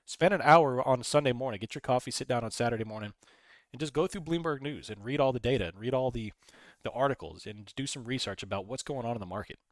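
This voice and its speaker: A man's voice: mid-range voice, quick pace, no echo. A man hosting a casual live stream, rambling, reading chat messages aloud and talking through his trades. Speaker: livestream host.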